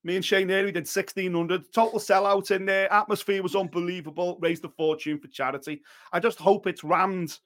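Animated, blunt man, high voice. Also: a little fast, hardly any pauses. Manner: blunt, animated, swears freely. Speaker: boxing podcast co-host. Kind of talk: casual chat.

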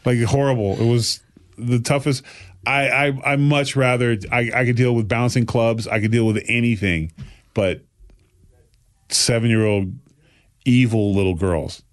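A man's voice: medium pitch, measured pace. A man co-hosting a casual chat show, telling stories with lots of mocking impressions. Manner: animated storyteller who slips into mocking impressions. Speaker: podcast co-host.

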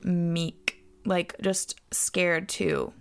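Chatty young woman podcaster, gravelly. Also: on the low side, fairly even intonation, extremely slow. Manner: chatty, reflective, lots of "like". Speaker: podcast host. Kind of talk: casual solo podcast talk.

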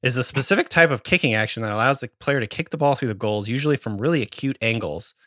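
Bright-voiced man on a podcast. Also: mid-range voice, fast talker, dry recording, studio quality. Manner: explains slang terms, self-deprecating about pronunciation. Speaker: podcast co-host. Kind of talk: casual podcast chat.

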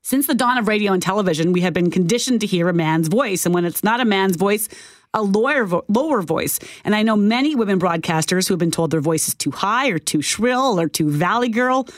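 A woman's voice: medium pitch, expressive, a little fast, no echo. Woman, talk radio co-host, mid-range voice, thoughtful and questioning, close dry studio mic. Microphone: studio microphone.

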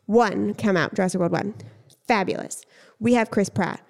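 A pregnant woman co-hosting a podcast, gushing and swearing casually in relaxed chat. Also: medium pitch, normal speed. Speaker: podcast co-host.

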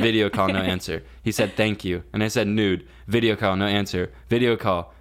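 A man's voice: fairly low pitch, brisk, few pauses. Young man telling a comic story. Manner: animated, acts out quotes, laughs often. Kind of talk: casual chat, comic storytelling.

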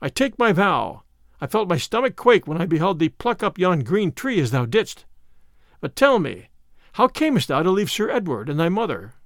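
A man's voice: high-pitched, big pitch swings, moderate pace, no echo, clean studio sound. A man doing Robin Hood, hearty bold outlaw. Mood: rueful. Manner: hearty, exclaiming old-fashioned speech.

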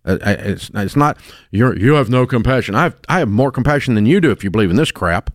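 A middle-aged man hosts a radio show, his delivery blunt and emphatic, with sudden loud, high exclamations. His voice sits at a middle pitch. The studio sound is close and dry. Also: animated, fast talker, no echo. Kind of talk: opinionated radio talk. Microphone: studio microphone.

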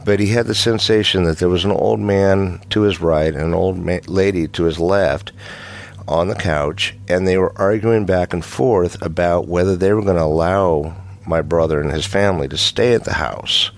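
A middle-aged man with a very low, gravelly voice recounts a ghost story from his own life. He speaks casually and haltingly, restarting phrases and breaking into the odd nervous chuckle. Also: steady tone. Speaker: caller telling his own paranormal story. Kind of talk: casual first-person storytelling.

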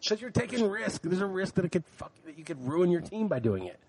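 Fast-talking ranting man. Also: sits high, a loud crowd. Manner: ranting, profane, animated. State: tired late at night. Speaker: podcast co-host. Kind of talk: casual chat.

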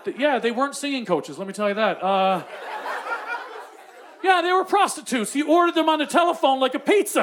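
A man from Newfoundland with a strikingly high voice works a comedy club stage, spinning stories with lively energy and casual swearing. The live recording carries clear room and crowd noise around him. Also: moderate pace, pauses often. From Newfoundland, Canada. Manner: storytelling, animated, swears freely. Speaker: stand-up comedian. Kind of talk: stand-up comedy set.

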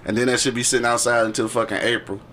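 A man's voice: mid-range voice, level tone, rapid-fire, sharp tone, a little hiss or hum. Profane laughing podcast host, a man. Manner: loose, profane, laughing banter. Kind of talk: casual chat.

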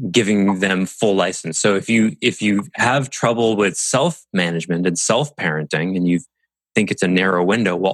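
In a dry recording, a man whose voice sits low coaches a group call. An adult parent, he reflects aloud with expressiveness, changing his tone to mimic inner voices.

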